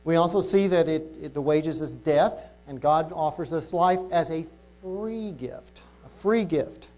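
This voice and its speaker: A man preaching an informal sermon to a congregation, talking casually and reading Bible verses slowly and deliberately. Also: a little high, a little mellow, faint music behind. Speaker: lay preacher.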